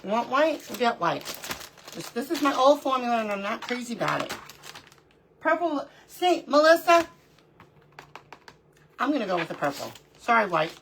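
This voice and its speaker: A woman's voice: a little high, big pitch swings, moderate pace, gravelly, long pauses, a bit bright, slight background noise. A middle-aged woman hosting a live crafting stream, chatting casually, greeting viewers by name and talking to herself as she works. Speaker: livestream crafting host.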